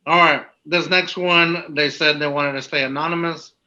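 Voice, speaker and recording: Bright-voiced man reading fan questions. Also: a little high, steady tone, normal speed, lo-fi sound. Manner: joking, rambling, reads out listener questions. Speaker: podcast co-host. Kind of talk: casual podcast chat.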